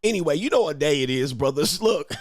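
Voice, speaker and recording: Brash male coach on a livestream, lively swooping pitch, dry close sound. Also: a little fast, no room sound, faint music behind. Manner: brash, mocking, profane, often laughing. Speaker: dating and lifestyle coach, livestream host. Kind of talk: unscripted livestream commentary.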